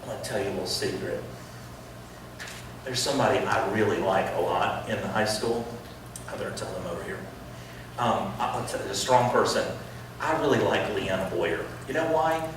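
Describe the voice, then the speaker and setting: A middle-aged man preaching in a school chapel, acting out quoted voices and swinging from loud to hushed. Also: lowish voice, normal speed, long pauses, background noise. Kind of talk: sermon. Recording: echoey hall voice from far off.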